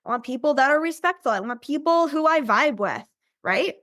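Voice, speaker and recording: A woman's voice: high-pitched, animated, normal speed, fairly bright tone, dry recording, clean studio sound. A woman business coach giving an upbeat, chatty training and constantly checking in with "right?". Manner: acts out invitees in bubbly voices.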